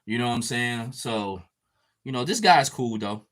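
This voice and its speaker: A man's voice: mid-range voice, lively intonation, normal speed, fairly bright tone. A man hosting a casual podcast, chatting loosely and swearing a lot while he paints a figure and reads chat comments. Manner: profane, laid-back, reading chat comments. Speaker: podcast host.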